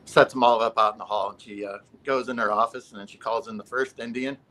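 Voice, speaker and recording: A man's voice: mid-range voice, steady tone, quick pace, sharp tone, low-quality recording. A man as a guest on a live stream, laid-back and telling jokes in casual chat. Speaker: panel guest.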